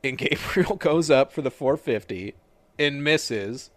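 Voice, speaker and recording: A man's voice: medium pitch, lively intonation, takes it slowly, dry recording. A man recapping wrestling in casual podcast chat, joking and swearing as he retells matches. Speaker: podcast co-host.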